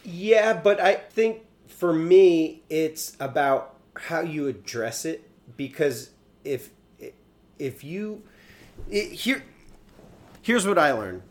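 A man co-hosting a podcast, making his point earnestly and haltingly, with frequent restarts. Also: a little high, lively intonation. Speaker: podcast co-host. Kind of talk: casual debate.

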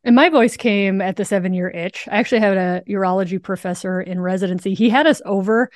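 A woman in her forties, a doctor being interviewed, telling her story quickly and animatedly, with many fillers. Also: medium pitch, no room sound, clean studio sound. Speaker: urologist and podcast guest.

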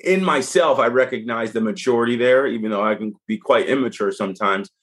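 A man's voice: mid-range voice, fairly quick. A middle-aged man speaking as a podcast guest, telling stories casually and acting out what people said. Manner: animated, acts out quoted speech. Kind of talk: casual conversational storytelling.

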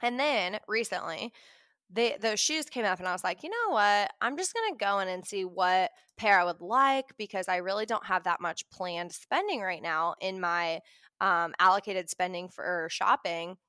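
A young woman talking casually to camera about money, chatty and animated, acting out her own reactions. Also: mid-range voice, normal speed, clean tone, dry recording, clean studio sound. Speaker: personal finance vlogger.

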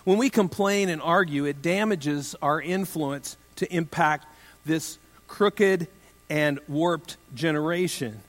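A man preaches a sermon in a fairly high voice. He keeps it conversational and light, with joking asides. The sound trails off into a long hall reverb. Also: slow. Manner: conversational and humorous, with self-deprecating asides. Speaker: pastor.

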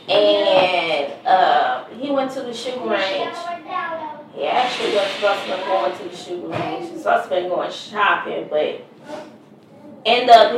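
A woman's voice: on the high side, slight background noise. Middle-aged woman, distant in an echoey room. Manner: earnest, conversational storytelling. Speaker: mother of a murder victim. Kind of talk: personal testimony. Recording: very echoey room, distant mic, faint ambience.

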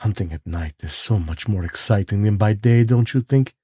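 Guy doing a smooth courtly hunter type, genteel and menacing, breathy voice in a storybook read. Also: normal speed, mellow, no room sound, studio quality. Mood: silkily menacing. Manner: polished and genteel, with a lift in pitch. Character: suave courtly aristocratic male hunter, menacing.

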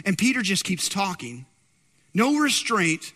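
A man preaching a sermon with emphatic storytelling and repeated key words. His voice is high and bright, and it carries a long hall reverb. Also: unhurried.

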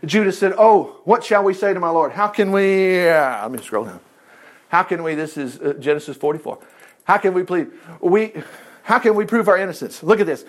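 A man preaching and retelling a Bible story in a playful, animated way, laughing often and acting out the characters' lines. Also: high voice, moderate pace. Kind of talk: sermon-style Bible storytelling.

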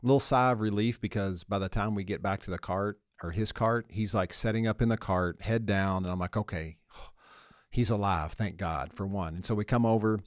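A man's voice: fairly low pitch, moderate pace, no echo, clean studio sound. A man co-hosting a casual podcast, telling a story with lots of laughs and putting on other people's voices. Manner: animated storyteller, acts out voices, laughs often. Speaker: podcast co-host.

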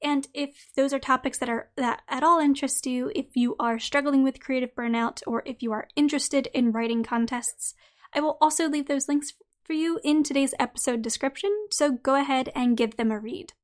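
A woman hosting a podcast who talks straight to her listeners in a friendly way and then reads out her own article, her voice slightly croaky today. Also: sits high, steady tone, moderate pace. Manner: friendly, direct address to listeners. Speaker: podcast host. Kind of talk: podcast monologue and article reading.

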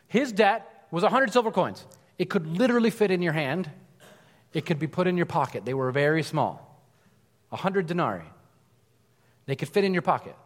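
A man delivering a sermon in a lively, conversational storytelling manner, breaking off for casual asides. His voice sits a bit high for a man, and it rings out with a long reverb as if in a large hall. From United States. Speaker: preacher.

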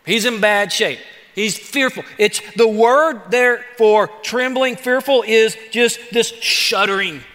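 A man preaching a sermon, lively and conversational, acting out the pleas of the psalm in a casual voice. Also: sits high, slow pace. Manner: animated, acts out David's pleas in casual voice. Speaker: pastor. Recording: long hall reverb.

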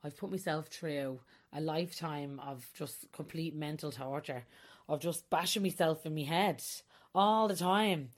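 A woman's voice: sits low, unhurried. A woman in her forties hosting a podcast, talking candidly and confessionally about herself and often breaking into laughter. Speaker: podcast host. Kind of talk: personal podcast monologue.

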